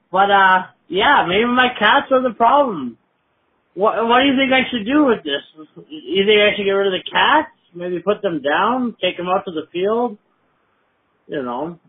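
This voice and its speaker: A man calling in to a show by voicemail, rambling and self-mocking, and getting worked up as he talks. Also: sits high. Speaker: caller. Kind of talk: voicemail call-in. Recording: tinny phone line.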